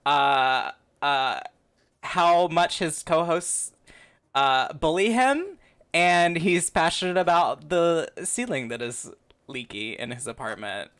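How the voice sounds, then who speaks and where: A man's voice: a little high, expressive, slow pace, fairly bright tone, clear, resonant tone. A man hosting a podcast, trading laughing, teasing banter with his co-host. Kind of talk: casual chat.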